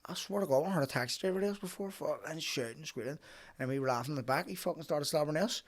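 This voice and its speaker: A man's voice: on the high side, fast. A man from Northern Ireland with a Belfast accent, hosting a podcast and telling stories in casual chat, swearing often. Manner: swearing, laughing storyteller. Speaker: podcast host.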